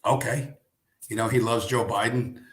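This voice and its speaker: A man's voice: medium pitch, steady tone, normal speed, a bit bright, echoey room. A man hosting a live stream, ranting in a casual way, sarcastic and profane, firing off rhetorical questions.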